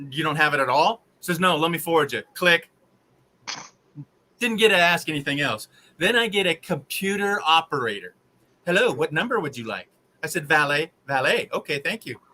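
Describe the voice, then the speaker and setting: A man hosting a live stream, telling a long rambling story in an exasperated, animated way. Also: a little high, moderate pace, low-quality recording. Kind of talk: casual storytelling to live viewers.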